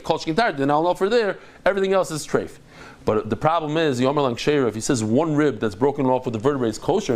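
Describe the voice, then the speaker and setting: An animated man leads a Talmud class. His voice sits a little high for a man. He acts out the voices in the dialogue with big jumps in pitch. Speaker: Talmud teacher.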